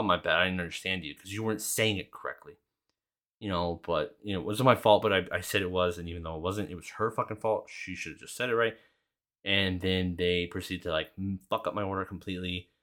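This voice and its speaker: A man in his early thirties on a podcast, casually telling a story in a profane, ranting way and acting out both sides of the exchange. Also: deep voice. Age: 30s. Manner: profane, ranting, animated retelling. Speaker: podcast host.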